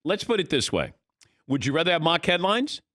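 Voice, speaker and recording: Animated man hosting a studio talk show. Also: fairly high pitch, a little fast, no room sound. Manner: upbeat, animated, laughs often. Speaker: show host. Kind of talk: casual studio banter. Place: radio studio.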